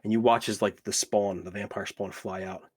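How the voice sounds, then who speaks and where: A man's voice: lowish voice, fairly even intonation, moderate pace, darkish tone. A man running a tabletop game as dungeon master, narrating in a rambling way. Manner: rambling, repeats "you watch" and "literally".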